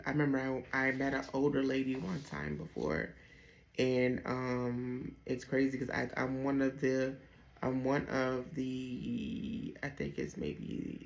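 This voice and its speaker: Gravelly-voiced young man telling his story. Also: medium pitch. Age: young adult. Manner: candid, hesitant, many ums and restarts. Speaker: vlogger sharing his dialysis story. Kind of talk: personal storytelling.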